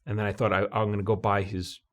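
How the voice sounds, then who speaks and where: A man's voice: fairly low pitch, fast. A middle-aged man, a TV comedy writer, telling stories in an interview and acting out what people said. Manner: animated storyteller, acts out voices in quotes. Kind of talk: conversational interview.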